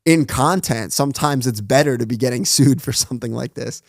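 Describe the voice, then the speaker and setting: A medium-pitched man with vocal fry, recorded in a dry studio with no room sound. Chatty and fast, this podcast guest, who has his own online show, tells casual stories in an interview, acting out quotes and peppering everything with "like".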